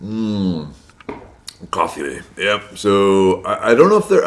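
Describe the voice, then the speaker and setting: A man hosting a casual live stream from indoors at home, chatting and greeting viewers by name, his voice slightly hoarse. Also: fairly low pitch. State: slightly hoarse from a long day of loud speaking.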